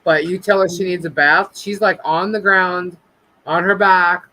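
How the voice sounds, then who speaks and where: A woman's voice: on the low side, steady tone, measured pace, bright, forceful tone, poor audio. A woman co-hosting a casual live chat, telling stories and acting out her pets. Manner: chatty storyteller, acts out her pets. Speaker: co-host.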